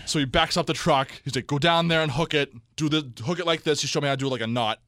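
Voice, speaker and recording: A young man, co-hosting a casual chat show and telling a story with lively quoted voices and frequent laughter. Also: fairly high pitch, quick pace, dry recording, studio quality. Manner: animated storyteller, acts out quotes, laughs often. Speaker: podcast co-host.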